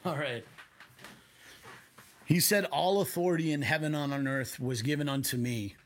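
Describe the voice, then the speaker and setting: A man preaching a sermon from home in a conversational way, with quick asides. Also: fairly high pitch. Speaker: pastor.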